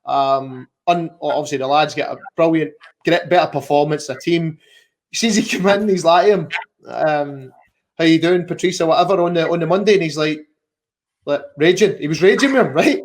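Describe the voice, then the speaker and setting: High-voiced Scottish man telling a story. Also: normal speed. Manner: animated storyteller acting out quotes. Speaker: podcast co-host. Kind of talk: casual anecdote telling.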